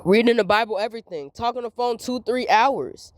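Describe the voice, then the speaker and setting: A woman's voice: a little high, expressive, brisk, dry recording. Young woman vlogger, candid venting monologue, emphatic and repetitive, dry close sound. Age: young adult.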